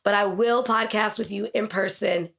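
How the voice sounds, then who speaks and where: A woman hosting a podcast in casual chat, sick and losing her voice, talking with quick restarts. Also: medium pitch, fairly even intonation, creaky, a bit bright. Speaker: podcast host.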